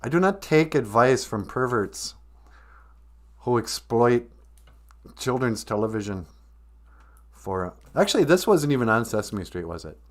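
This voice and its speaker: A man's voice: medium pitch, big pitch swings, measured pace, long pauses. A man in his fifties hosting a comedy podcast, mocking a video clip in a sarcastic way. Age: 50s. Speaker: podcast host.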